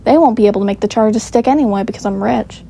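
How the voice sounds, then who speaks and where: A woman's voice: mid-range voice, quick pace, vocal fry, warm tone, a little hiss or hum, close to an everyday voice. A woman doing a smug Southern millionaire uncle. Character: flashy rich male uncle, smug and careless.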